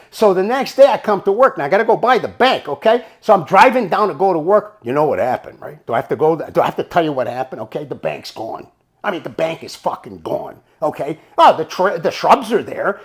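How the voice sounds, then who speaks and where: An older man telling a casual, profane anecdote in an animated way. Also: sits high, creaky. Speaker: storyteller.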